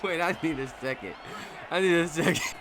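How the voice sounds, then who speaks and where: A young man doing casual, laughing live commentary on a simulated football game, breaking into shouts at big plays. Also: fairly high pitch, a little fast, a crowd in the background, noisy background.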